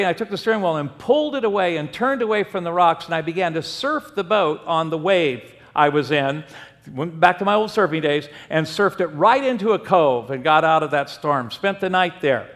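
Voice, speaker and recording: A middle-aged man preaching a sermon, telling stories and acting out the voices in them. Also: on the high side. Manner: animated storytelling, acting out voices. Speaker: pastor. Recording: long hall reverb.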